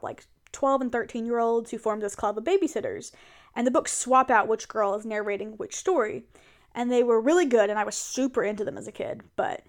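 A young adult woman in a casual role-play monologue, chatting and venting to her partner in an animated way. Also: a little high. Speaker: audio role-play performer.

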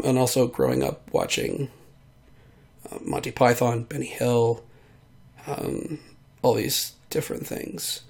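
Sick and struggling to control his voice, a vlogger from the United States meanders through a casual monologue, trailing off and using many fillers. His mid-range voice sounds creaky with a darkish tone.

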